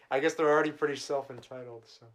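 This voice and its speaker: A man's voice: mid-range voice, steady tone, brisk, a bit bright. A man co-hosting a podcast in casual chat, laid-back and chuckling as he nitpicks film details. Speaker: podcast co-host. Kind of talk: casual movie recap chat.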